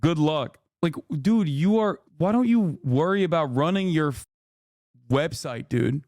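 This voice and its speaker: A man's voice: fairly high pitch, lively intonation, measured pace, darkish tone, no room sound, studio quality. A man streaming from home, ranting and mocking his chat in a profane, casual commentary.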